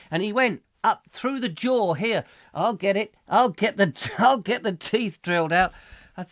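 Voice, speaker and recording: A man's voice: a little high, fairly bright tone. Middle-aged guy hosting a silly live chat show, rambly, hums sound effects, voice bounces all over.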